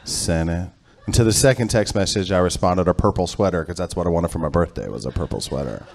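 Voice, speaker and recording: A middle-aged man performing stand-up on a comedy club stage, telling a story that builds to loud, animated punchlines. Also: sits low, fast talker, creaky, a little hiss or hum.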